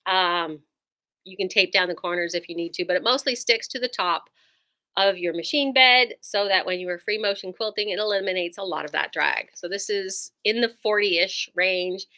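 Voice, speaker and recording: A woman's voice: medium pitch, moderate pace, pushed and bright. A woman who runs a quilt shop, chatting enthusiastically through a casual product demo with lots of ums and likes.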